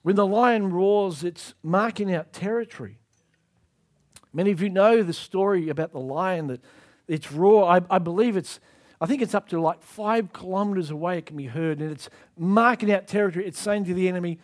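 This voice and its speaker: A man's voice: sits high, moderate pace. A man preaching a sermon with emphatic, repetitive delivery.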